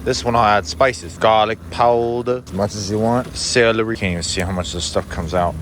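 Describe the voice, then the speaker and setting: A man's voice: on the low side, steady tone, a little fast, few pauses, fairly bright tone, a little hiss or hum. A man hosting a cooking vlog from an outdoor kitchen, talking in a laid-back, offhand, wry way as he cooks. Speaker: cooking channel host. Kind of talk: casual cooking vlog talk.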